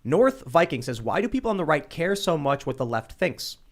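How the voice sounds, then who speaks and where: A man's voice: fairly high pitch, big pitch swings, fairly quick. A man hosting a casual talk show, reading viewer comments aloud with hesitant fillers. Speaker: show host.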